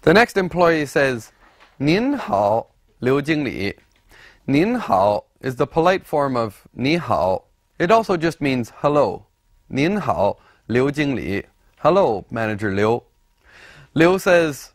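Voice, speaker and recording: A man narrating a scripted language lesson, explaining deliberately and repeating example words for the listener. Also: medium pitch, no echo, clean studio sound. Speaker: language teacher.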